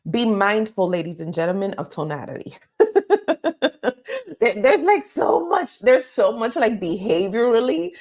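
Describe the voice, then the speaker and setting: A woman's voice: medium pitch, expressive, normal speed, few pauses, a little mellow. A woman giving live career advice, emphatic and talking straight to her listeners, often checking in with "okay?". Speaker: career coach.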